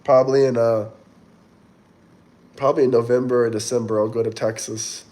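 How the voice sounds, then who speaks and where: A man talking casually on a livestream, reading out viewer comments and answering them in a loose, rambling way. His voice sits at a middle pitch for a man, easygoing and conversational. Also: steady tone, normal speed, dark tone. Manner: chatty, rambling, reads viewer comments aloud. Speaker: livestream host reading chat.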